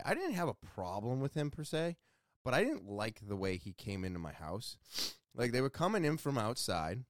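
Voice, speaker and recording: A man's voice: mid-range voice, dry recording, studio quality. A man telling a casual, profane story about a home repair visit, blunt and exasperated. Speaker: homeowner telling an anecdote.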